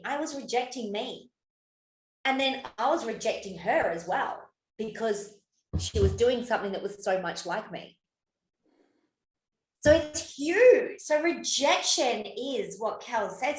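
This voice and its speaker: A woman's voice: on the high side, echoey room, rough recording. A woman co-hosting a podcast in casual chat, who swears freely and laughs often. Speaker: podcast co-host.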